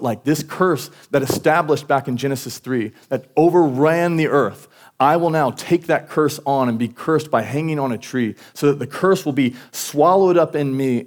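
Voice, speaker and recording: A man's voice: mid-range voice, darkish tone. A young man preaching a sermon in a casual, conversational way, acting out quotes as he goes. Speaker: pastor.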